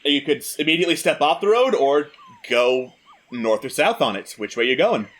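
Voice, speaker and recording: A man's voice: a little high, expressive, normal speed, a bit bright. A man running a tabletop game as dungeon master, narrating with dry jokes.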